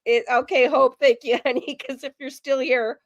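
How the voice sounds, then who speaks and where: A woman's voice: high voice, steady tone, moderate pace, no room sound, muffled recording. Chatty woman on a dry mic. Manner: chatty, giggly, talks to viewers. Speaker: true crime livestream host. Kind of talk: live-stream commentary.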